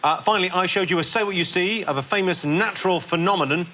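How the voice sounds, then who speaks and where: A man's voice: high voice, quick pace, a crowd in the background. A man hosting a panel quiz, dry and teasing. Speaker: quiz host. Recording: studio with loud audience.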